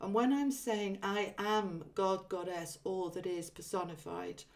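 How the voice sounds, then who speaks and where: A woman's voice: medium pitch, unhurried, distant mic. A woman hosting a spiritual livestream, chatting casually, saying um often and reading viewer comments aloud. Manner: relaxed, chatty, many ums, reads viewer comments aloud. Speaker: livestream host.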